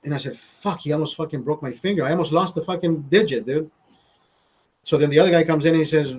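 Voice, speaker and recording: Talking fast in a fairly high, somewhat mellow voice with a breathy edge, a man hosting a live stream spins out a lengthy story. His chat is casual and full of profanity, looping back on itself and cutting off partway through sentences.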